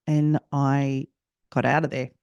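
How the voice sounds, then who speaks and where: An Australian woman hosting a personal storytelling podcast, speaking reflectively and haltingly and often repeating herself. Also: a bass voice, darkish tone, clear, resonant tone, dry recording, muffled recording. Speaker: podcast host.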